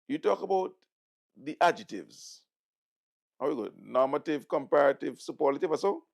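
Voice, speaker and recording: Mocking Vincentian man with a gravelly voice. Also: fairly high pitch, lively intonation, normal speed. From St Vincent and the Grenadines. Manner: mocking, sarcastic, repeats words for emphasis. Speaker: host. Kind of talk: political commentary.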